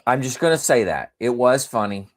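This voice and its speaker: A man's voice: medium pitch, normal speed. A male podcast host chatting casually and telling stories, laughing often as he talks. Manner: animated storyteller who laughs often. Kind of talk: casual chat and storytelling.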